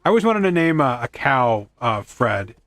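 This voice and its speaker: A man's voice: medium pitch, big pitch swings, normal speed, fairly bright tone, no room sound. A man streaming a video game, rambling through casual commentary with self-deprecating quips and chatting to his in-game horse. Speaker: gaming streamer.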